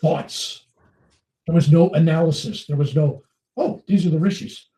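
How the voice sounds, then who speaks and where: Older male guest, animated storyteller, mellow tone, acts out voices; roomy, distant mic. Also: on the high side, normal speed. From United States. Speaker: interview guest. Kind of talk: storytelling in casual conversation.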